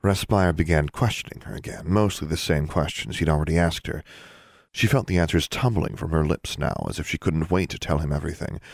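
A man narrating an audiobook in a steady, even reading voice. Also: rumbling low, brisk, vocal fry, no echo, clean studio sound.

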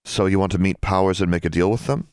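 A serious, worried schoolgirl scolds in a reproachful tone, carried by a deep male reader's voice raised slightly, as a man plays her. Close, dry storybook sound. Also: fast talker, clean tone, dry recording.

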